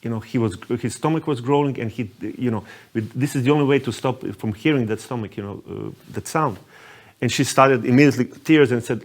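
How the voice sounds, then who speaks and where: A man speaking at an ordinary, middle pitch as a panelist. He runs a tour company and tells a lively anecdote, full of fillers and small restarts. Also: a little fast. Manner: animated anecdote telling with fillers. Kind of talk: panel discussion storytelling.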